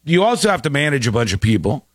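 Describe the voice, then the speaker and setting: A man's voice: mid-range voice, sing-song, fast talker, dry recording, studio quality. A man hosting a casual commentary show, talking in an incredulous, joking way. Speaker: show host.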